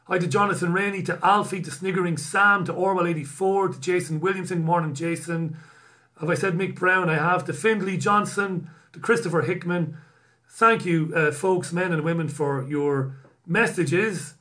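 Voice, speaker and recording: A man from Britain chats through a live stream, reading viewer messages aloud. His voice sits a little high for a man. He is sardonic and self-mocking, and swears freely. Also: steady tone, moderate pace, sharp tone. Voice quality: bald, self-described poor at accents.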